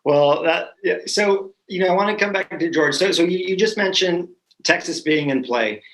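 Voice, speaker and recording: A male host with a somewhat high voice leads a casual discussion. He talks in a friendly, loose way, often restarting his sentences as he goes. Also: normal speed, fairly bright tone, poor audio. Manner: friendly, rambling with many restarts.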